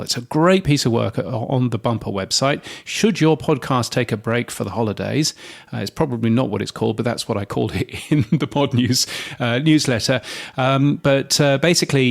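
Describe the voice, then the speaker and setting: Male co-host, gravelly mid voice, casual chatty delivery full of fillers. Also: medium pitch. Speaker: podcast co-host. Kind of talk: casual podcast chat.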